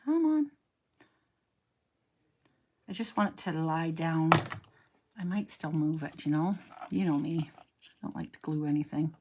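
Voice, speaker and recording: A woman's voice: low voice, unhurried, long pauses, a little mellow. Middle-aged female craft host, chatty and meandering, light background hiss. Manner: chatty, rambling, talks to herself while working. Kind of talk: casual crafting demo chat.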